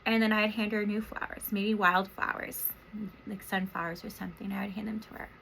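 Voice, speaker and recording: Soft-spoken, emotional woman therapist. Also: medium pitch, level tone, a little fast, creaky, slight background noise, poor audio. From Washington State, US. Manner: soft, emotional, rambling with many fillers. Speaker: therapist and podcast host. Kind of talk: reflective personal monologue.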